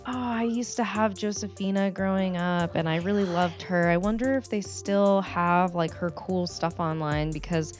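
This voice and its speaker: A woman's voice: lowish voice, moderate pace, hardly any pauses, soft background music. A woman in her twenties co-hosting a podcast, telling a sheepish story in casual chat. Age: 20s. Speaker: podcast co-host.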